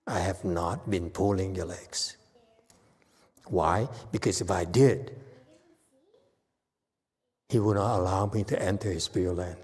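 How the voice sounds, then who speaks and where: A man giving a Buddhist Dharma talk and taking questions, speaking emphatically and pressing his points hard. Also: fairly low pitch. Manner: emphatic, rises into forceful exhortations. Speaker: Buddhist teacher. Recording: long hall reverb.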